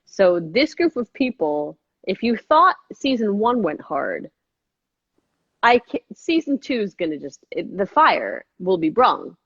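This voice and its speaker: A woman in her thirties, an actress and filmmaker, chatting in an interview and often jumping into high-pitched quoted voices. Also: very animated, a little slow, a bit bright, breathy edge, no echo, highs cut off. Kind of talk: casual interview chat.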